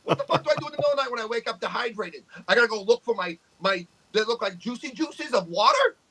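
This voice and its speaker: A man's voice: very high voice, big pitch swings, fast, crowd noise, poor audio. A man, co-hosting a podcast with brash, profane trash talk. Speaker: podcast co-host, arm wrestler. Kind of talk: casual podcast chat.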